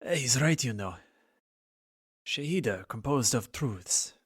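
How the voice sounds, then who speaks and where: Man doing a husky, grave elder lizard god, dry close sound, faint music behind. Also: mid-range voice, expressive, dry recording. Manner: measured, grave, quietly speculative. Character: calm elder male lizard-folk god.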